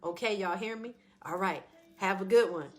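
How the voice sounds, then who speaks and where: A woman's voice: medium pitch, normal speed. A woman hosting a live stream, exhorting her viewers in call-and-response style and guiding a breathing exercise. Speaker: host of a live show. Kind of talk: live-stream wellness talk.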